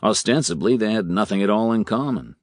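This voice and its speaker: A man narrating a novel in a measured, expressive way. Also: lowish voice, no echo, studio quality. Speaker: audiobook narrator. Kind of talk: scripted narration.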